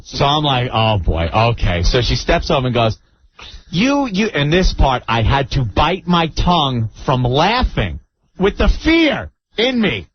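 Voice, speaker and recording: A male radio host telling a story in an animated, mock-dramatic way, on a muffled radio broadcast with faint hiss. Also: a little high, a little slow, slightly rough. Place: radio studio.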